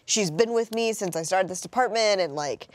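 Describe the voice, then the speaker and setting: A woman's voice: medium pitch, normal speed, no echo. A woman telling a story about coworkers, swearing, laughing and brushing off praise. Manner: swearing, self-deprecating, laughing.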